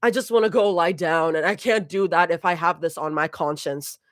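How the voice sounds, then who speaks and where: A woman's voice: lowish voice, steady tone, moderate pace, no echo, clean studio sound, lightly acted. A woman reading a fan story aloud, voicing a young man who teases and pushes with questions. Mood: pushy. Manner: teasing, persistent questioning. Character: young man, teasing and pushy bandmate.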